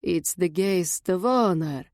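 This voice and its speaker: A woman's voice: on the low side, expressive, takes it slowly, darkish tone, no room sound, studio quality. A woman voicing a flamboyant fortune-teller type with a thick Eastern European accent, insistent and good-natured.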